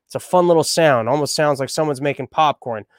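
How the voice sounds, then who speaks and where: A man's voice: on the high side, a little fast, no echo, clean studio sound. A man hosting a podcast, riffing on the news in a crude, irreverent, rambling way. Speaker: podcast host. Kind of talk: comedic news commentary.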